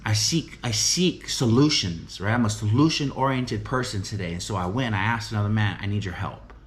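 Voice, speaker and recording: A middle-aged man with a somewhat low voice speaks in an earnest, emphatic way about faith and recovery. He drives his points home by repeating phrases and tags many sentences with a quick "right?". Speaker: recovery home director and preacher. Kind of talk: motivational faith talk.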